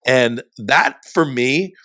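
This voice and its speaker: A man's voice: mid-range voice, takes it slowly, no echo, clean studio sound. Chatty middle-aged man telling a story. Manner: animated, chatty, says "dude" and "like" often. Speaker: podcast guest. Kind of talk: casual storytelling.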